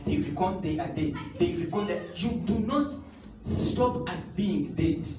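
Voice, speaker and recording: A man preaches in a high voice, stressing his points by repeating them and slipping into tongues and sung lines. The sound echoes through the room, he stands away from the microphone, and faint noise sits behind him. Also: lively intonation, a little slow, dark tone, distant mic, faint music behind. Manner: emphatic, repeats key phrases, bursts into tongues and sung lines. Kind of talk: sermon.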